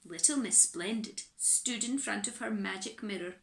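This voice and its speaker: A woman reading a children's picture book aloud in an animated, expressive way, recorded in an echoey room. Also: medium pitch, unhurried, vocal fry, hardly any pauses. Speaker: storyteller.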